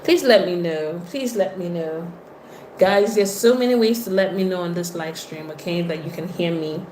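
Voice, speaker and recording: A woman's voice: lowish voice, moderate pace, echoey room, a little hiss or hum. A woman from Nigeria with a Nigerian accent, hosting a casual livestream, greeting viewers by name and reading their comments. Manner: chatty, greets viewers by name, lively exclamations. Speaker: livestream host.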